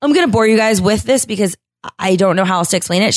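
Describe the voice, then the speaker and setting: A woman's voice: mid-range voice, animated, fast, dry recording. A woman hosting a casual podcast, blunt, profane and sarcastic as she mocks what she reads. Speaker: podcast host.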